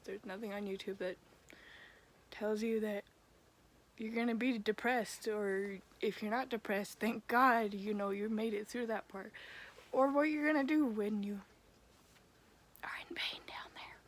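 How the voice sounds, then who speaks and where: A young woman talking to her camera in a candid personal vlog, frank, blunt and casual, with mild swearing. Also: mid-range voice. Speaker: vlogger.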